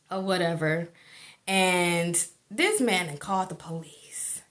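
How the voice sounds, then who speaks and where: A woman's voice: on the low side, normal speed, fairly bright tone. A woman telling a personal story in a rambling, colloquial way, full of fillers and asides. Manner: rambling, colloquial, many fillers like "or whatever not". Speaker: vlogger sharing a personal testimony. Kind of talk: casual storytelling.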